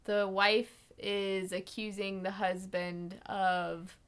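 A woman's voice: mid-range voice, flat delivery, slow pace, fairly bright tone, smooth. A young woman co-hosting a podcast, chatting enthusiastically about a film and laughing often. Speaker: podcast co-host. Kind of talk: casual film chat.

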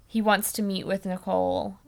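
A woman's voice: medium pitch, flat delivery, normal speed, vocal fry. A woman co-hosting a film review podcast, chatting casually and laughing often. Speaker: podcast co-host.

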